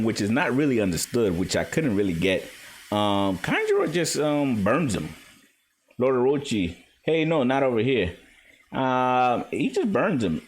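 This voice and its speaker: A man speaking in a somewhat low voice, reviewing manga in a loose, rambling way. He is opinionated and full of fillers, talking from his home basement. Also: slightly rough. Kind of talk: casual spoken review.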